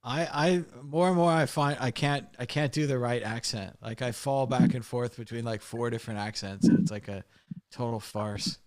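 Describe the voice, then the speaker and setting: A man's voice: mid-range voice, normal speed. An American man hosting a casual chat, joking and telling rambling stories. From United States. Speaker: host.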